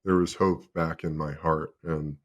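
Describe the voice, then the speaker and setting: A man in his thirties speaks in a low, deep register. He tells his own story as an interview guest. He sounds confessional and emotional and swears freely. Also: flat delivery, a little slow. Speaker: podcast guest, former pro football player. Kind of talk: candid personal storytelling.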